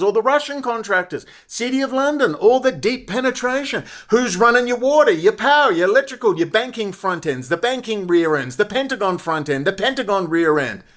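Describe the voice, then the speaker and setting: A man's voice: high-pitched, a bit bright. A man delivering an angry, profane, sarcastic commentary monologue, repeating rhetorical questions. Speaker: political commentator.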